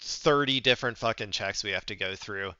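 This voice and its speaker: A man reacting to clips with casual, profane, sarcastic commentary. His voice is smooth and resonant but slightly low. The sound is dull and lo-fi, with a narrowed band. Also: fairly quick, sharp tone, no room sound. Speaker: political commentary streamer.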